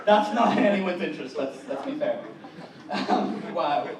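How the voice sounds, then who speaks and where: A man's voice: a little high, expressive, moderate pace, a loud crowd. An Irish man doing a stand-up comedy set at a conference, making wry asides and interrupting himself mid-sentence. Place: conference hall with a live audience. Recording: echoey hall, mic at a distance.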